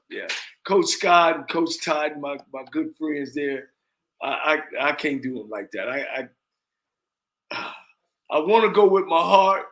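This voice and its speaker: A man co-hosting a casual football picks chat, animated and repeating words as he talks. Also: on the high side.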